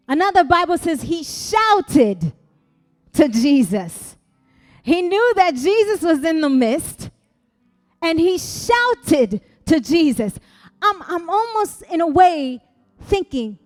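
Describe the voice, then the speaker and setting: Woman pastor, high and animated, preaching in a church hall with rising shouts. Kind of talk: sermon.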